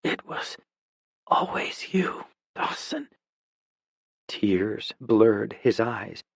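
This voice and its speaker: A male audiobook narrator reading a dramatic story with intensity, his voice dropping to a hush in the tense moments. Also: mid-range voice, no echo, clean studio sound.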